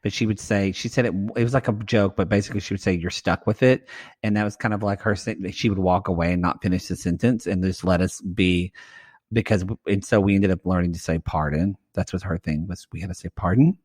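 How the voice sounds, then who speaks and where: A man's voice: sits low, steady tone, fast, darkish tone. A man, co-hosting a podcast in a rambling, chatty way, addressing listeners as y'all. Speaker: podcast co-host. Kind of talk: casual chat recapping reality TV.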